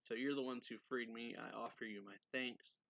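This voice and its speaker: A man's voice: mid-range voice, fairly even intonation, moderate pace, creaky, fairly bright tone, no room sound. A man reading as a proud, formal lion beast. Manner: stiff formal speech.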